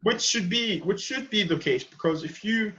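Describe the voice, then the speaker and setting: Passionate man, slightly raised pitch. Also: lively intonation, moderate pace, pushed and bright, muffled recording. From Edinburgh, Scotland. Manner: passionate, emphatic, repeats key phrases. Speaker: podcast host. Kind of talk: earnest conversational monologue.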